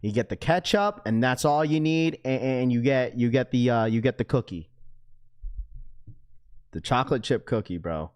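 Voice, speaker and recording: A man's voice: mid-range voice, lively intonation, moderate pace, darkish tone, clean tone. A young man hosting a live stream who chats loosely and slangily with his viewers and laughs often. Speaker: livestream host. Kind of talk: casual live-stream chat.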